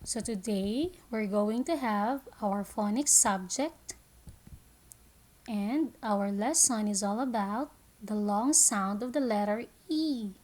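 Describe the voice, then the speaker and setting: A woman teaching an online kindergarten phonics lesson, speaking slowly and clearly and drawing out each sound. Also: medium pitch, a little mellow. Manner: slow, clear teacher talk with drawn-out sounds.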